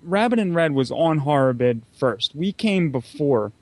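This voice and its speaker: A man's voice: on the high side, expressive, a little slow, darkish tone, dry recording. Dry-sounding, earnest podcast man. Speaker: podcast co-host. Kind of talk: casual podcast chat.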